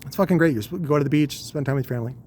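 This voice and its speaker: A man's voice: fairly high pitch, racing, a little mellow, slight background noise. A man in his forties casually telling a long, rambling, profane story with wry humor. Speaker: podcast host.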